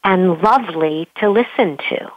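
A woman voice coach answers questions in an interview. She talks expressively and now and then shows a change of pitch with her own voice. The sound is dull and dry, a little lo-fi. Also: measured pace, no echo. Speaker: voice coach guest. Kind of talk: remote interview conversation.

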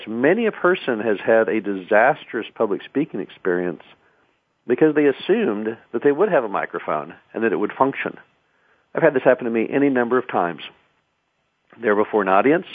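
A man's voice: medium pitch, big pitch swings, brisk, breathy edge, no echo. A man hosting a radio talk show, giving conversational advice on public speaking and often restarting words. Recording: tinny phone-like radio sound.

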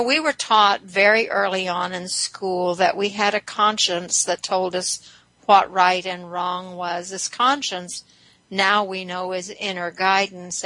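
A middle-aged woman hosts a self-help show with a bright, clear voice. She guides listeners through soft, reflective questions. The recording is dry and close to the mic. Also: lowish voice, dry recording, poor audio. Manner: guiding listeners with a stream of questions, gentle and conversational. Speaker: host and hypnotist.

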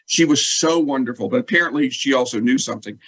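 A man, a guest telling a personal story in lively, casual talk and acting out what others said. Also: mid-range voice, fast talker, breathy edge, no room sound, low-quality recording. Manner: animated, acts out quoted dialogue.

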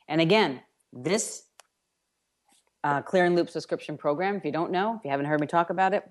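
Emphatic low-voiced woman radio host. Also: darkish tone. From New York. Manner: emphatic, incantatory repetitions. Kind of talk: self-help radio monologue.

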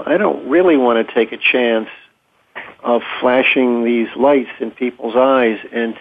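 A man calmly explaining his clinical work in a thoughtful, measured way, pausing often with ums. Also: medium pitch, creaky. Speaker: interview guest, clinician. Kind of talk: conversational explanation. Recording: tinny phone-like audio.

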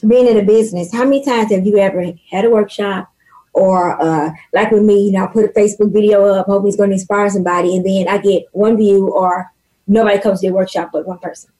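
A woman guest on a talk show, speaking loudly and with animated, preachy storytelling about faith and business. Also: mid-range voice, fast, rough recording. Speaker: podcast guest. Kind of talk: casual faith and business chat.

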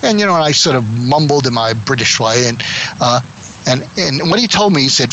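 A man's voice: medium pitch, animated, brisk, sharp tone, a little hiss or hum, rough recording. A man doing an impression of a famous tech founder, talking bluntly and profanely about business in improvised role-play over a video call.

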